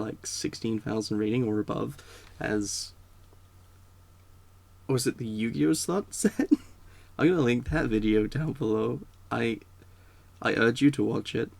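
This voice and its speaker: A man's voice: medium pitch, measured pace, creaky, long pauses, darkish tone, dry recording. A man giving a casual, rambling spoken rant, full of fillers and restarts. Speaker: video creator.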